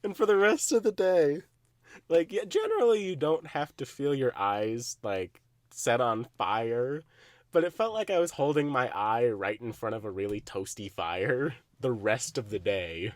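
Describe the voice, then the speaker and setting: A young man co-hosting a podcast, telling stories in a casual chat, animated, often laughing and swearing. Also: mid-range voice, a little slow, no echo, clean studio sound. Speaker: podcast co-host.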